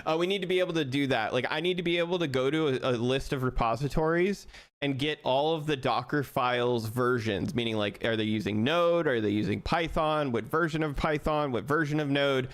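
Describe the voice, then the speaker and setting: Young man, live-stream coding chat, smooth clear voice, laughs often, thinks out loud. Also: medium pitch, brisk. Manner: excited, laughs often, thinks aloud with restarts.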